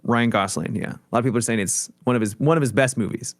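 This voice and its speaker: A man co-hosts a casual gaming podcast, easygoing and quick to chime in with agreement. His voice is at an ordinary middle pitch. The recording is close and dry, with no room echo. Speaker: podcast co-host. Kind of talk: casual chat.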